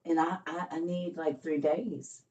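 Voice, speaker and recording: Older woman, low voice a little off-mic, tired, chatty grandmother storyteller for a home vlog. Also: fairly even intonation, a little slow, warm tone, far from the mic, highs cut off, slight background noise. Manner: chatty storytelling, Southern Black vernacular, calls viewers y'all and honey. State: tired and weak. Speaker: vlogger. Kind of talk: casual morning vlog chat.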